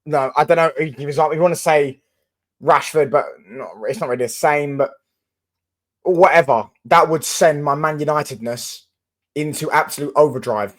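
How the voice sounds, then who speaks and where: Rambling Mancunian young man, slightly high. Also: normal speed, a bit bright. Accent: Mancunian English. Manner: rambling, swears, restarts often. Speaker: football channel host. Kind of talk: casual solo reaction commentary.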